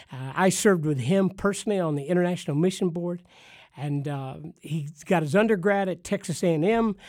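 A man's voice: a little high, a little mellow, no echo, studio quality. Emphatic preacherly man hosting a podcast. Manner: emphatic, preacherly, punchy repetition. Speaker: podcast host for pastors. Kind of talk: enthusiastic ministry podcast talk.

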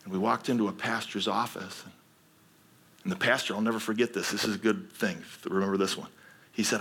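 A man's voice: lowish voice, fairly even intonation, moderate pace, long pauses, fairly bright tone, slightly rough. A man preaching a sermon as a pastor, telling his own story earnestly and then pressing his point with emphatic exhortation.

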